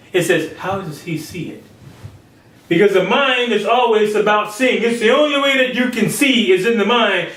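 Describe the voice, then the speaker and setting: A man's voice: high-pitched, fairly bright tone, reverberant, far from the mic, poor audio. A man preaching a sermon, acting out quoted speakers in changing voices. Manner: acts out biblical quotes in shifting voices.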